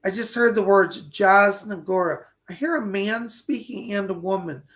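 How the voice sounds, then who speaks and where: A man's voice: high voice, normal speed, fairly bright tone. A man hosting a live online psychic reading, talking chattily, greeting viewers by name, and losing his voice.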